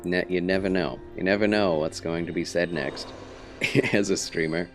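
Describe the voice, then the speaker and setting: A man streaming a video game, chatting casually with viewers in a polite, formal, gentlemanly way. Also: sits low, fairly even intonation, moderate pace, soft background music.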